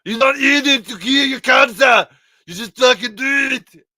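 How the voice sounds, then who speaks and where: A man doing an impression of a hot-tempered male action star with a put-on Austrian accent and a loud barking delivery. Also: extremely high pitch, normal speed, no echo, studio quality, pitched above the performer's own voice, heavily acted. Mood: angry shouting. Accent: Austrian German, put on.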